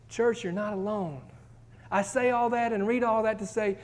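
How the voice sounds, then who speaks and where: High-voiced man preaching a sermon. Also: steady tone, moderate pace, darkish tone. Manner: reads scripture, acts out pleas, builds to fervent emphasis. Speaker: pastor.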